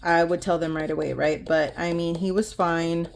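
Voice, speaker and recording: A woman's voice: fairly low pitch, fairly even intonation, normal speed, gravelly, a little hiss or hum. A woman in her thirties, a budgeting vlogger, chatting casually to her viewers while she counts cash into envelopes. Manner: rambling, chatty, talks straight to viewers, counts bills aloud.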